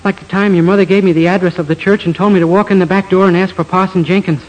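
A man's voice: sits high, fairly even intonation, quick pace, rough recording. A man playing a naive, bumbling young man in a 1940s radio comedy, cheerful and scatterbrained. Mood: sheepish. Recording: hissy old radio broadcast.

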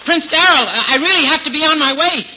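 An actor playing a bashful, easily frightened young knight who talks in a meek, flustered way, on a storybook record. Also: male voice, sits high, brisk, sharp tone, a little hiss or hum. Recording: dull old recording with long reverb.

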